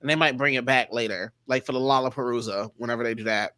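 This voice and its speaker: A man hosting a casual panel chat, animated and quick to act out other people's lines. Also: mid-range voice, smooth, no room sound. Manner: animated, quotes people in exaggerated voices. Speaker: panel host.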